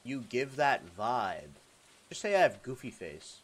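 A young man streaming a game, chatting casually with his viewers in a joking, animated way and laughing often. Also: mid-range voice, measured pace, breathy edge. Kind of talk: casual livestream chat, reacting to chat.

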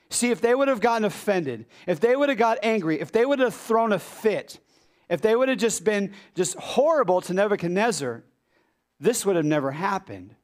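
A male pastor preaching a sermon in a church, animated and full of rhetorical questions to the congregation. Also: sits high, normal speed. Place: church sanctuary.

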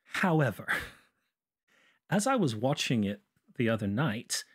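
A man with a slightly husky voice walks through film scenes step by step, methodical and detailed. He talks as a podcast co-host in relaxed movie review chat. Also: mid-range voice, slow.

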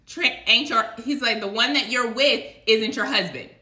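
Woman, colloquial devotional preacher; sharp, bright tone; recorded in a roomy space. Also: fairly high pitch, normal speed. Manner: emphatic, colloquial, rhetorical. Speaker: online preacher. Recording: echoey room.

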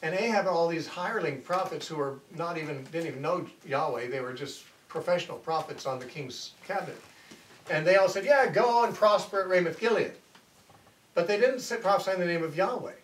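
A man with a fairly high voice talks fast while teaching a Bible lecture, retelling a scripture story conversationally and correcting himself along the way. The room is echoey, he sounds far off, and there's faint noise.

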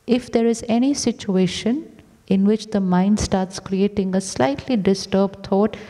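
Calm woman teaching meditation on stage. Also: mid-range voice, measured pace. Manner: short repeated commands, rhetorical questions. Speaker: spiritual teacher. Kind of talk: inspirational talk on stage. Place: large theatre. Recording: long theatre reverb.

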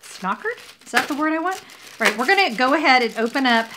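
A woman's voice: sits high, expressive, fast, noisy background. A woman hosting a casual unboxing video, talking in a cheerful, rambling way and joking about herself. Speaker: vlogger host.

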